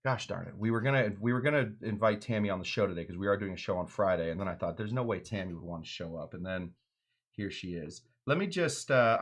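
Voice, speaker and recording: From his home bar in Los Angeles, a low-voiced man hosts a casual cocktail livestream, rambling through the recipe with constant "uh"s, asides and self-deprecating jokes while chatting with viewers as he works.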